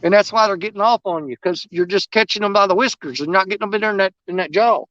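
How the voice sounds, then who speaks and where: A man's voice: sits high, quick pace, pushed and bright, dry recording. A man, chatting in a folksy, rambling way about fishing on a video call from a riverbank. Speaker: outdoors channel host. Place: outdoors at a riverbank at dusk. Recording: muffled, dry video-call audio.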